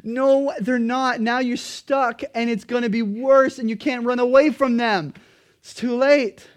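A man, a pastor, preaching a sermon, emphatic and pleading at times, then quietly earnest. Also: extremely high pitch, steady tone, a little slow.

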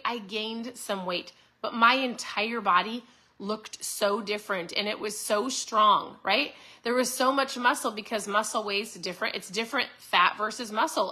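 Upbeat chatty woman in her 40s, pretty high voice, bright and a bit tense, hypes up her listeners. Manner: upbeat, chatty, encouraging, often asks "right?". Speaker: host. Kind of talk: casual motivational talk to listeners.

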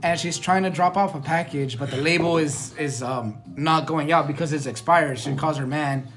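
A young man with a high voice tells a rambling story among friends, loose and slangy, laughing between lines. Faint music plays behind him. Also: moderate pace. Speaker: podcast co-host. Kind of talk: casual chat among friends.

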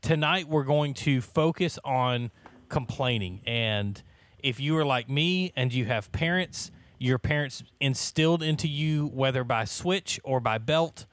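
A man's voice: mid-range voice, a little slow, a bit bright, dry recording. A man in his thirties leading a casual church Bible study, joking and laughing often, with many restarts.

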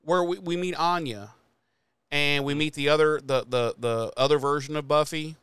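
A man's voice: fairly high pitch, steady tone, moderate pace, fairly bright tone, clean tone, no room sound. Casual, profane man recapping a show. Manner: profane, laughing, acts out lines from the show. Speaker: podcast co-host. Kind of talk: casual chat recapping a TV episode.

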